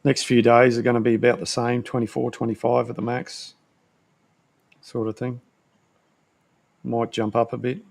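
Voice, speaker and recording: A man hosting a live stream, chatting casually and relaxed, fiddling with his phone setup. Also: mid-range voice, normal speed, gravelly, long pauses. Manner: relaxed, short agreeing replies.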